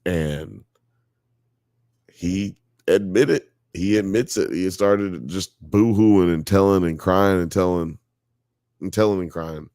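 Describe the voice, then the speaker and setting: He speaks slowly in a low, darkish voice while hosting a live show, recounting a story in easygoing chat peppered with "you know" and "blah blah." When worked up, he gets emphatic. The studio recording carries no room sound.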